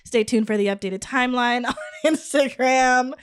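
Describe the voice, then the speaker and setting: A woman's voice: fairly high pitch, normal speed, clear, resonant tone. Chatty woman co-hosting a book podcast. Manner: retells the book in quoted voices, many fillers. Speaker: podcast co-host. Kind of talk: casual book club chat.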